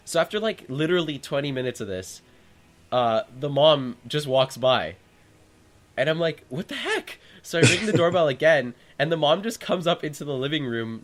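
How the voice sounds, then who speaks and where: A man's voice: medium pitch, a bit bright. A young man hosting a podcast, telling a story animatedly and often laughing. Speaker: podcast host. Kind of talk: casual storytelling chat. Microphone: call audio.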